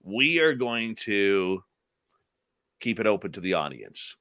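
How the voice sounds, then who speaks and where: Bright, crisp-voiced male radio host. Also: lowish voice, very animated, slow pace, dry recording. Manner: enthusiastic, reads chat names aloud, playful. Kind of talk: casual live show banter.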